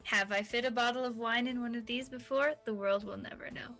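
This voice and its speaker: A woman's voice: fairly high pitch, fairly even intonation, brisk, bright, forceful tone, soft background music. A woman narrating as dungeon master in a chatty, playful way. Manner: chatty, playful, with many fillers. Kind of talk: narrating a tabletop game.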